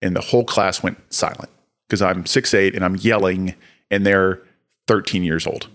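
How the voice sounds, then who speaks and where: A young man telling a lively personal story on a podcast, acting out his own shouting as he goes. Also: low-pitched, normal speed. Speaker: podcast co-host. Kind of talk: casual storytelling.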